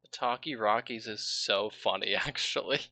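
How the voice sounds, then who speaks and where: Bright-voiced laid-back male game master. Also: lowish voice, moderate pace, a little hiss or hum. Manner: laid-back, laughs often, rambling asides. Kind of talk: running a tabletop game, casual chat.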